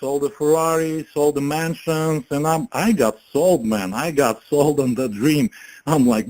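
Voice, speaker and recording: A man's voice: medium pitch, darkish tone, low-quality recording. A man giving a casual motivational talk about network marketing, chatting and often asking his listeners questions.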